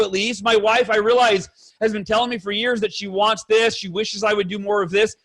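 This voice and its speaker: A man's voice: high voice, fairly even intonation, normal speed, a bit bright, rough recording. A man speaking as a guest on a podcast, earnest and emphatic, talking bluntly with fellow fathers and swearing now and then. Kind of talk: candid podcast conversation.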